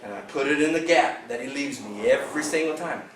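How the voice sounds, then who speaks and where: Man, animated storyteller, mid-pitched voice, distant mic, echoey room, background noise. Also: fairly quick. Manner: animated, laughing, acts out dialogue. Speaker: angler telling a tournament story. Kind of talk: casual storytelling to a club meeting. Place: meeting room.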